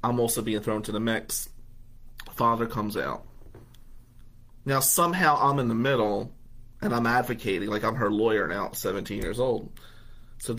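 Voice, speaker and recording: Animated man telling a personal story. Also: lowish voice, moderate pace, pauses often. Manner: animated, conversational, acts out dialogue. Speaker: radio host.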